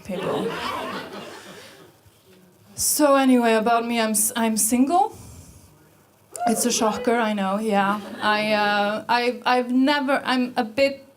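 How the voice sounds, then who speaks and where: A woman's voice: on the high side, noisy background. A woman in her thirties from Iceland with an Icelandic accent, performing a stand-up comedy set in a dry, self-mocking way. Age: 30s.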